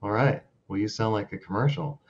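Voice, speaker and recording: A man hosting a casual interview, asking relaxed questions with joking asides and hesitant fillers. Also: on the low side, brisk, muffled recording. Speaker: interviewer, club member.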